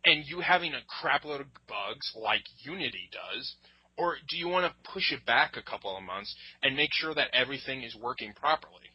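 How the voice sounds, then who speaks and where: A man's voice: mid-range voice, lively intonation, fairly quick, breathy edge, no room sound, muffled recording. A man hosting a casual gaming podcast, chatting loosely with frequent laughs and swearing. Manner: laughs often, loose and profane. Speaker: podcast host.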